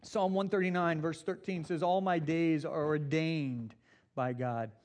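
A middle-aged male pastor preaching a sermon in a slightly high voice. He tells stories, acts out the quotes, and slows right down to stress the points he wants to land. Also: steady tone, darkish tone. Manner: storytelling with acted quotes, slows for emphasis.

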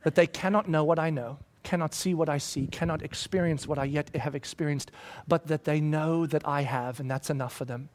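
Middle-aged guy preaching, pretty high voice, gets loud and emphatic then goes quiet and slow. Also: fairly even intonation, a little hiss or hum. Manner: emphatic, builds in rising waves then drops quiet and slow. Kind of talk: sermon.

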